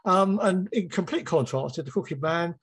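Husky, higher-voiced man. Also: a bit bright, low-quality recording. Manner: thoughtful, measured, repeats phrases. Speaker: guest, drama writer. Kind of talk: interview conversation.

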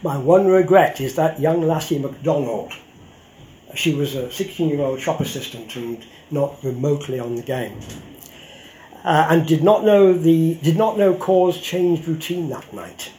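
A man's voice: a little high, unhurried, mellow, a little hiss or hum. An older man, a historian, giving a public lecture in a wry, conversational way with frequent ums and asides. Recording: roomy hall echo.

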